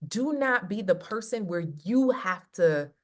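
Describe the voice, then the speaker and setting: A woman's voice: medium pitch, unhurried. A woman love coach talking casually over a video call, acting out quotes as she tells stories. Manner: animated storyteller acting out quotes. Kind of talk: casual chat.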